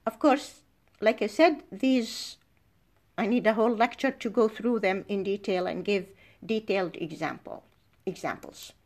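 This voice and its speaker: A middle-aged woman whose first language is Arabic, giving a university lecture and explaining language points through slow worked examples. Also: medium pitch, darkish tone. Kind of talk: recorded lecture.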